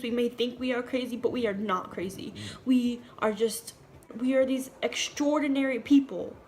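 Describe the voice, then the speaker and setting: A young woman talking straight to her viewers in an emotional personal vlog, earnest and close to tears, pausing and restarting as she goes. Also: on the high side, darkish tone, a little hiss or hum. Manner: tearful, earnest, halting with pauses and restarts. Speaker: vlogger.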